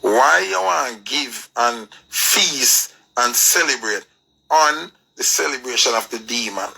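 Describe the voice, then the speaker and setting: Forceful gravelly Jamaican man ranting. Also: medium pitch, animated, slow pace, poor audio. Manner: preachy, emphatic, rhetorical questions. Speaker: commentator. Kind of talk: ranting commentary.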